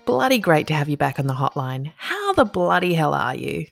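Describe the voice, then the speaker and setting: A woman hosting an interview podcast, talking quietly and chattily with a friend. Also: big pitch swings, moderate pace, vocal fry, hardly any pauses, loud music behind the voice. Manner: quiet and low, speaking softly at night. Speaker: podcast host. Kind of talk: conversational interview.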